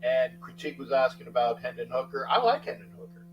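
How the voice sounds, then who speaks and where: A middle-aged man hosting a casual sports talk livestream, rambling, thanking chatters by name and breaking into sudden loud outbursts. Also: mid-range voice, sing-song, quick pace, lo-fi sound, noisy background. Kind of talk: casual live chat with viewers.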